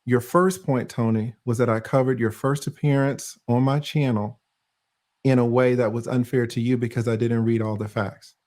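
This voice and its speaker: A man hosting a legal commentary live stream, calm and measured as he explains himself. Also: medium pitch.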